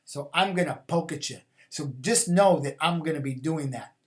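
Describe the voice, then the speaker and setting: A man's voice: fairly high pitch, moderate pace. A man hosting a spiritual call-in show, talking loosely with fillers and repeated, chant-like questions. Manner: rambling, with fillers and repeated phrases; rhythmic, incantatory questions. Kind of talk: casual spoken monologue.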